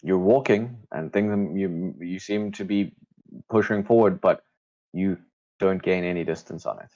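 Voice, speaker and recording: A man narrating a tabletop game as game master, slow, measured and hushed. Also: sits low, muffled recording.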